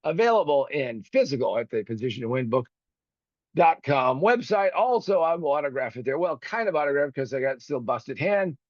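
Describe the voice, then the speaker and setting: A podcast host nursing a broken finger delivers a ranting monologue on his own show, full of profanity and indignation, impersonating both people on a phone call. His medium-pitched voice is very animated and fairly quick, with no room sound.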